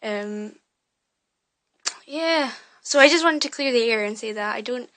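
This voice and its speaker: A woman's voice: on the high side, a little slow, a bit bright, low-quality recording. A young woman telling a rambling story in a casual vlog, full of fillers and restarts, recorded on a phone in her bedroom. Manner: chatty, rambling, lots of fillers and self-corrections. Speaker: vlogger. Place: bedroom at home.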